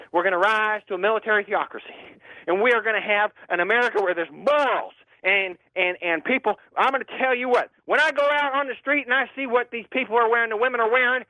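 A man's voice: sits high, dry recording. A man playing a fanatical older preacher who calls in to a radio show, blustering and mangling words. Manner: blustery, repeats "I'm gonna tell you what", mangles words. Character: fanatical older male street preacher, ranting. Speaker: caller. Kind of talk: comedy radio call-in bit. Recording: tinny phone line.

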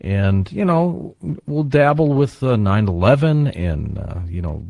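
A man hosting a late-night call-in radio show, talking in a relaxed, chatty way with callers. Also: fairly low pitch, measured pace, gravelly, no room sound, studio quality. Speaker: radio talk show host.

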